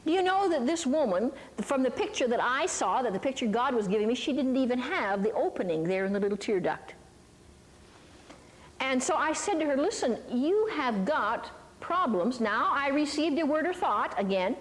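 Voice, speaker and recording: Older woman, high voice, folksy sermon with asides, reverberant hall. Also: expressive, fairly quick. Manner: chatty, folksy, with lots of asides and tag questions. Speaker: teacher of a Christian ministry. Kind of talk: sermon with storytelling. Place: hall before a live audience.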